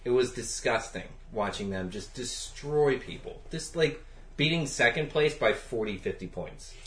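A man's voice: mid-range voice, expressive, a little slow, a bit bright. A man in a casual family podcast chat, talking bluntly and emphatically and swearing freely. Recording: echoey room.

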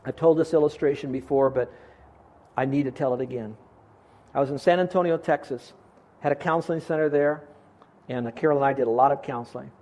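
A man's voice: medium pitch, fairly quick, long pauses, darkish tone, lo-fi sound. A middle-aged man preaching a sermon as a pastor, earnest and asking his congregation questions.

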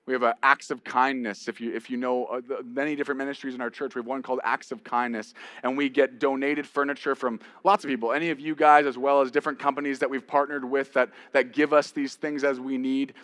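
A man preaching a sermon as pastor, rising to emphatic peaks and dropping to a quiet storytelling voice. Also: mid-range voice, flat delivery, fast, few pauses, no room sound, studio quality.

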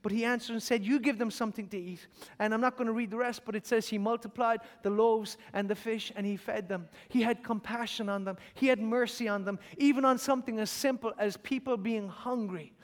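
A man preaching a sermon, reading scripture and building to fervent, shouted calls of amen and hallelujah. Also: high-pitched, fairly even intonation, brisk, few pauses, big-room sound.

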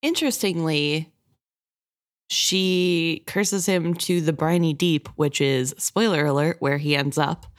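A woman co-hosting a book podcast, chatting about the story in a lively, opinionated way. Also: low voice, slow. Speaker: podcast co-host.

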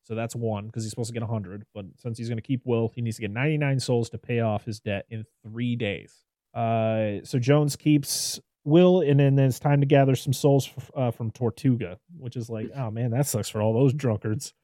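A man hosting a casual podcast film review, rambling and animated with lots of restarts. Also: mid-range voice, normal speed, dry recording, studio quality. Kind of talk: casual chat.

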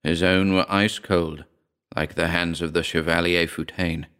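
A man reading a first-person horror short story aloud in a measured, storytelling way. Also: sits low, fairly even intonation, a bit bright, clean tone. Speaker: narrator.

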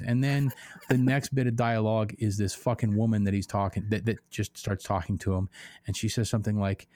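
A man with a fairly low voice rants his way through a casual podcast chat, rambling and swearing freely as he mocks what he talks about. The sound is dry and close, with no room around it. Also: fairly even intonation, a little fast, darkish tone, no room sound. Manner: rambling, swears a lot, mocking. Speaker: podcast co-host.

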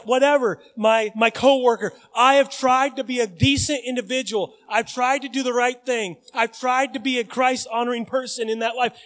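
A male pastor preaching a sermon in a church, acting out desperate cries and then dropping to quiet reflection. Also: very high-pitched. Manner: animated, acts out pleading cries then drops to quiet reflection.

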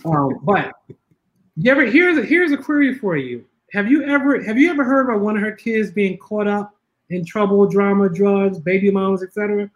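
A man with a notably high voice, chatting as an interview guest. He tells his stories casually and animatedly, laughs often, restarts his sentences, and slips into other people's voices when he quotes them. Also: animated, normal speed. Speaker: guest filmmaker.

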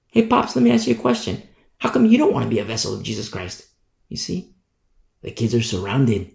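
A man preaching a sermon in an emphatic, indignant manner, often pausing to ask "you see?". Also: medium pitch, wildly swooping pitch, creaky, echoey room.

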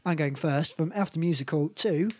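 A woman's voice: low-pitched, moderate pace, a little mellow, no echo. A woman co-hosting a podcast in casual chat, upbeat and teasing as she reads out show listings. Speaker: podcast co-host.

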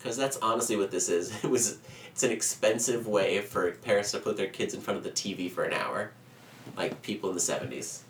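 A man co-hosting a casual podcast chat, joking and animated as he retells a show's plot. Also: on the low side, a little fast. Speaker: podcast co-host. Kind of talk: casual chat reviewing a holiday special. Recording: roomy, distant mic, faint background noise.

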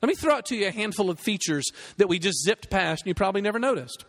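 High-voiced preacher in a reverberant hall. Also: male voice, animated, quick pace. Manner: earnest teaching, rhetorical questions, emphatic. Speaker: pastor. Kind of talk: sermon with scripture reading.

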